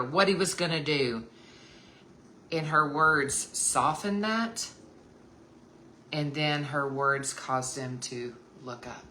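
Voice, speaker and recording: Low, bright-voiced woman teaching scripture. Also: a little hiss or hum. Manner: earnest and emphatic, repeats key points; addresses listeners as sisters. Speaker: women's Bible teacher. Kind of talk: devotional Bible teaching.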